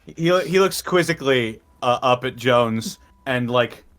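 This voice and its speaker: A man playing a tabletop role-playing game in an average-pitched voice. He describes his character's actions haltingly, often repeating words as he goes. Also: expressive, a bit bright. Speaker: player.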